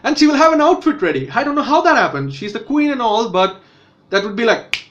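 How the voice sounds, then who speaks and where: Rambling male TV reviewer, high voice. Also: very animated, brisk, fairly bright tone, dull audio, a little hiss or hum. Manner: rambling, many self-corrections and fillers. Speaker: TV show reviewer. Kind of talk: casual spoken review.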